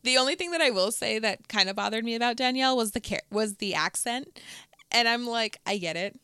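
A woman's voice: a little high, a little fast, sharp tone, clear, resonant tone, no echo. A young woman co-hosting a podcast, chatting casually and laughing, with lots of "like" and "um". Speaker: podcast co-host. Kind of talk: casual chat.

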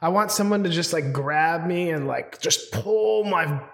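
Podcast co-host, man, notably high voice, laughs a lot, quick reactions. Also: gravelly, a bit bright. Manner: laughs often, short reactions. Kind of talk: casual chat.

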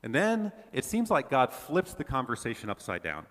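A man leading a Bible study, reading scripture aloud and explaining it in a conversational, animated way. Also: medium pitch, normal speed, long reverb tail. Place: church. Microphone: wore a face mask at first.

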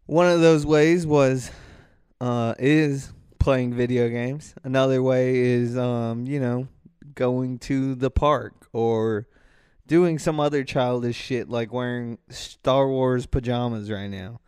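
Man, podcast host, casual rambling talk, swears a lot, smooth resonant voice, dry close-mic sound. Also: medium pitch, steady tone, slow pace, darkish tone, dry recording. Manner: rambling, profane, breaks into rants. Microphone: microphone close to mouth.

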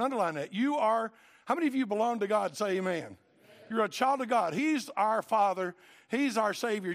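A man's voice: high-pitched, a bit bright. A middle-aged man preaching a sermon, quoting old-style scripture and telling stories in which he acts out the voices. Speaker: pastor.

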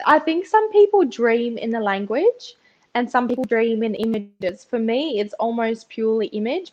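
A young Russian-born woman whose accent is Australian with a faintly posh edge. She chats easily and laughs often, her voice pitched a little high. The recording sounds dull and lo-fi. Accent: Australian with a slight posh tinge. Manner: chatty, laughs between phrases. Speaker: guest, pageant finalist. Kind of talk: casual interview conversation.

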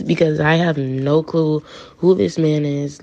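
A woman's voice: sits low, steady tone, a little slow, gravelly, warm tone. A woman casually telling a personal story, acting out the texts she quotes, on a dull lo-fi recording. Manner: chatty, acts out quoted texts.

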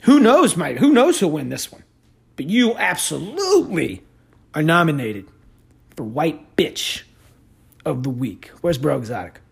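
A man hosting a podcast, telling stories in a sarcastic, animated rant. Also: on the high side, measured pace, gravelly, husky. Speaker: podcast host. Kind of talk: casual ranting commentary.

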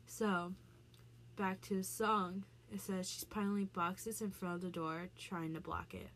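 With a steady tone and slow delivery, a mid-range-voiced woman vlogs about what song lyrics mean, chatting with many "like" fillers and restarts over a little hiss or hum.

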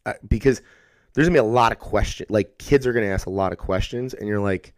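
A man in his thirties talks fast in a fairly low voice during casual podcast chat, captured in a dry, clean studio recording. He rambles, swears freely, and animatedly acts out what kids would say.

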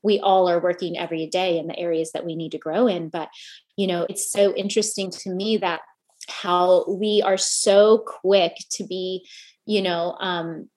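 A woman's voice: on the low side, a little mellow. A middle-aged woman giving an earnest motivational talk to a gathering of women, often putting questions to the audience. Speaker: speaker addressing a women's gathering.

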